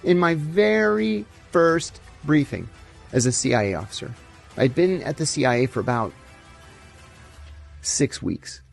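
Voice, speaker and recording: A man's voice: on the high side, measured pace, creaky, pauses often, soft background music. A middle-aged man, a former intelligence officer, telling stories in an interview and acting out the dialogue. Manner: animated anecdotes, acts out quoted dialogue. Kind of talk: storytelling interview answers.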